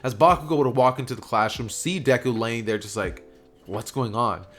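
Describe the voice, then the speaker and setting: A man's voice: medium pitch, a little fast, fairly bright tone, soft background music. A man casually narrating a fan-made story, rambling with fillers and self-corrections. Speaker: YouTube storyteller.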